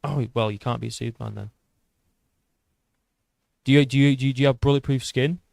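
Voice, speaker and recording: A young British man in his twenties holds forth on a livestream, cursing freely and tripping over false starts as he argues back at his viewers. His pitch sits in an ordinary middle range, and the sound is dry and close, with no room around it. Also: steady tone, a little fast, a little mellow, no room sound. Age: 20s. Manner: swears often, restarts sentences, argues with a rough edge. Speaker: YouTube MMA channel host. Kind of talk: casual livestream chat reading viewer comments.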